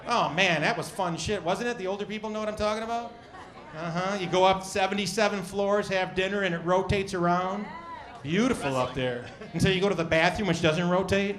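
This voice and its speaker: A man doing stand-up comedy, loudly riffing with the crowd and swearing freely. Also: high-pitched, a little fast. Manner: loud, profane, riffing with the audience. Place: comedy club stage. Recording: club audience laughing loudly.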